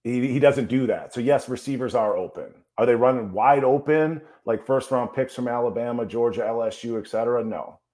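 A man's voice: medium pitch, fairly quick, hardly any pauses, darkish tone. A man co-hosting a sports talk show, fired up and ranting about his team's play. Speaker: co-host, former player.

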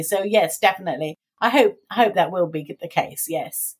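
A woman's voice: fairly low pitch, normal speed, husky. A middle-aged woman, an author, talking casually in an interview, with frequent tag questions and light laughs. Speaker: author guest.

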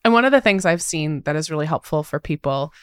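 Smooth-voiced, candid woman therapist. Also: deep voice, expressive, fast talker, dry recording, clean studio sound. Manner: candid, self-aware, quotes her own inner voice. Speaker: therapist guest. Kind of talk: conversational interview guest.

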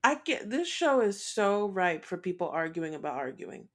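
A woman co-hosting a podcast, chatting casually and giving animated opinions, often with laughter. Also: mid-range voice, normal speed. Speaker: podcast co-host.

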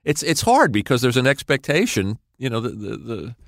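A man co-hosting a podcast in a studio, chatting casually as an eager film buff with quick interjections. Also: mid-range voice, sing-song, gravelly, no echo. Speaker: podcast co-host. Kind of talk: casual chat.

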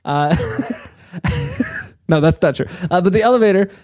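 A man's voice: high voice, huge pitch swings, takes it slowly, darkish tone, no room sound. A man co-hosting a comedy podcast, telling the story and laughing often as he goes.

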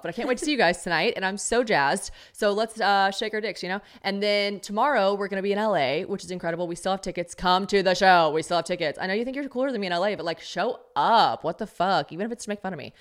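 A woman's voice: medium pitch, fast talker, hardly any pauses. A woman in her thirties hosting a comedy podcast, talking in a brash, joking, profane way. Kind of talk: casual podcast chat.

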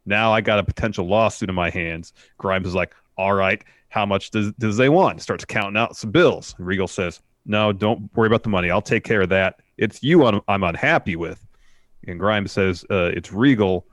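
Low-voiced man giving a steady recap. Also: moderate pace, dry recording, studio quality. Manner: steady play-by-play retelling with fillers. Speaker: podcast co-host. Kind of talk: casual recap narration.

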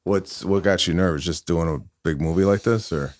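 A man, a comedian guest on a podcast, speaking in a hesitant, halting way. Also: low-pitched, no room sound, studio quality. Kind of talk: casual podcast chat.

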